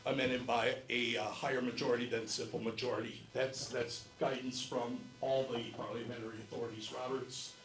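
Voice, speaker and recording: A man chairing a committee, walking a convention through a reformatted bylaws document in a measured, explanatory way. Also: medium pitch, level tone, fairly bright tone. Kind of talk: convention floor presentation. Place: convention hall. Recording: echoey hall, distant mic, faint noise.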